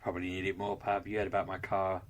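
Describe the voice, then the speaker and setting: A man's voice: low-pitched, completely flat delivery, fast talker. A man co-hosting a casual podcast chat, joking and laughing easily. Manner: laughing, jokey. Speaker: podcast co-host.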